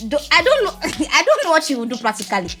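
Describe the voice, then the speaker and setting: A young adult woman, a podcast guest, telling a candid personal faith story in an earnest, animated way with bursts of laughter. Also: sits high, very fast, soft background music.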